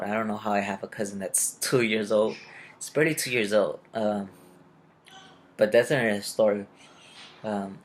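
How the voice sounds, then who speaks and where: A young man tells a personal story in a loose, rambling way, with a voice of middling pitch. He keeps acting out his conversations in quotes. A faint hum of room ambience sits behind him. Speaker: vlogger. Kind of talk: casual storytelling.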